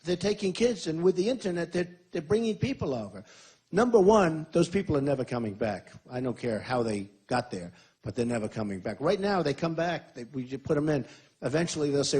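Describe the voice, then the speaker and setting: Husky man giving an emphatic campaign speech. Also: medium pitch, normal speed, darkish tone. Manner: emphatic, repetitive, boastful. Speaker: presidential candidate at a rally.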